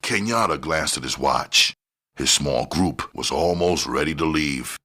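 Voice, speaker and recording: Audiobook reader: man, extremely low and gravelly, bright-edged tone, steady delivery. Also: measured pace. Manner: steady, plain reading with gritty dialogue. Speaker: audiobook narrator. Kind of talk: scripted narration.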